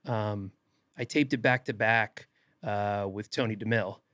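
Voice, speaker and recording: A young man, an actor guest on a podcast, telling stories in a casual animated way and acting out quotes. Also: fairly low pitch, a little slow, no echo, studio quality. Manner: animated, laughs often, acts out quotes. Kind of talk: casual podcast interview storytelling.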